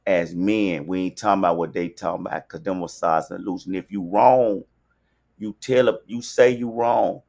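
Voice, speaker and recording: Deep-voiced Alabama man preaching on podcast. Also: steady tone, moderate pace, gravelly, darkish tone. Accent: Southern US, Alabama. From Alabama, US South. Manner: loose, repetitive, preachy street talk. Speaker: podcast host. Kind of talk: casual livestream monologue. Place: podcast studio.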